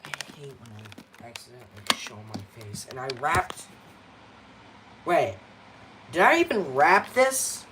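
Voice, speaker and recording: A man's voice: fairly high pitch, huge pitch swings, measured pace, pauses often, heavy background noise. A young man vlogging casually at home, rambling and getting worked up as he complains. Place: bedroom at home.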